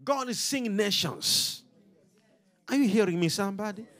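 A man preaching a sermon to a congregation, animated and full of call-and-response questions. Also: high voice, moderate pace.

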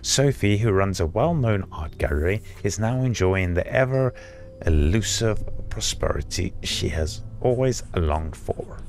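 A man doing gaming commentary, sarcastic and swearing, reading game text aloud haltingly. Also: low-pitched, expressive, a little mellow. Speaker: let's play host. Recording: game music behind.

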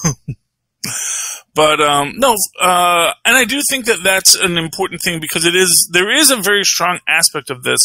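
Bright, lively-voiced male podcast host. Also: high-pitched, normal speed, dry recording, low-quality recording. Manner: rambling, frequent restarts, laughs often. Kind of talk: casual chat, film review.

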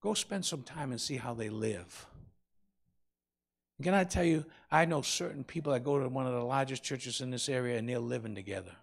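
Gravelly husky preaching man. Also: medium pitch, moderate pace. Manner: preaching, swinging loud and soft, calling on the congregation. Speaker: pastor. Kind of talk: sermon.

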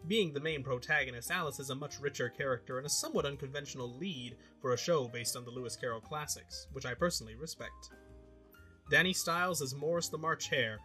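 A man's voice: mid-range voice, pushed and bright. A man hosting his own show, narrating a scripted review with an emphatic, opinionated delivery.

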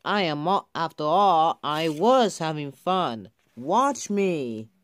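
A man's voice: on the high side, slow pace. A man voicing a cheeky, boastful young engine. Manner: excited, playful, squealing cheers.

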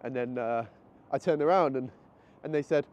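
Through muffled outdoor camera audio full of street noise, a travel vlogger chats excitedly and thinks aloud while strolling city streets and visiting a convenience store. He's a bit out of breath, speaking at a moderate pace in a medium pitch.

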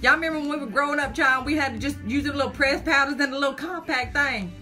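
A woman selling makeup on a live phone stream from home, chatty and a bit jittery, sprinkling "honey" and "child" through every line. Her voice sits high and bright. Faint music plays behind her. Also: fast. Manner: chatty, folksy, says "honey" and "child" constantly; jittery, talks through nerves. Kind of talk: casual live-stream chat.

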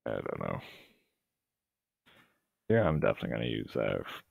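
Young male gamer, very deep with a gravelly fry, losing his voice; hesitant, dry sarcasm; tinny, dead-dry mic. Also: very animated, normal speed, dry recording. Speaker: gameplay commentator. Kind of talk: casual let's-play commentary.

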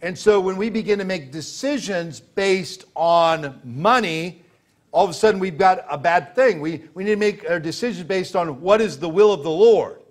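A man's voice: high-pitched, moderate pace. A man preaching a sermon as pastor, emphatic and full of rhetorical questions, laughing as he tells stories.

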